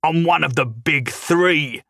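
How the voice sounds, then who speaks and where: A man's voice: mid-range voice, moderate pace, fairly bright tone, no echo, studio quality, lightly acted. A man voicing a hot-tempered, gloating young male crime lord who blusters angrily in a storybook reading. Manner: blustering, angry.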